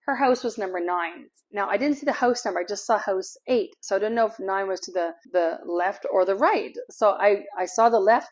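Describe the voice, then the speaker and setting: A woman's voice: mid-range voice, a little mellow. A middle-aged woman from Canada, chatting casually to camera as an expat vlogger, rambling a little and laughing easily.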